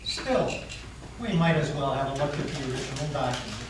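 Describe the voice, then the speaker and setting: A man playing a sly smooth-talking devil. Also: mid-range voice, fairly quick, noisy background, lightly acted. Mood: menacing. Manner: easy, smiling menace. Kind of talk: stage dramatic reading. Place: meeting house. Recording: echoey hall from far off.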